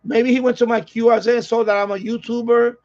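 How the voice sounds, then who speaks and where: A man's voice: extremely high pitch, little pitch movement, quick pace, a little mellow. A man with a New York accent hosting a live stream in casual chat, ranting and rambling with plenty of swearing and repeats. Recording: slightly dull lo-fi audio.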